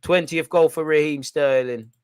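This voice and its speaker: A young man hosting a football watch-along, reacting loudly in slangy, shouty commentary. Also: a little high, moderate pace, clear, resonant tone, no room sound. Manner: excitable, shouty and slangy, chanting and yelling at the referee.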